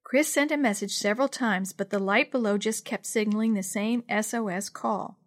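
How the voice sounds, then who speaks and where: A woman reading a children's storybook aloud in a clear, expressive scripted narration. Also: mid-range voice, normal speed, dry recording, studio quality.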